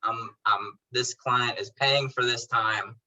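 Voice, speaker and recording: Man, podcast guest, very bright tense tone, mid pitch, casual slangy storyteller. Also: takes it slowly, low-quality recording. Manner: animated storyteller who acts out both sides of conversations; laid-back slang, calls people bro and dude. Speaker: podcast guest, detailing business owner. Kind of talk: casual interview chat.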